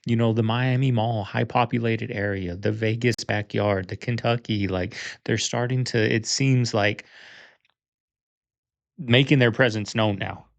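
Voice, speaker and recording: A man with a gravelly, lowish voice rambles through theories in loose, casual podcast chat. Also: fairly even intonation, a little slow, no room sound, lo-fi sound. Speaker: co-host reacting to clips.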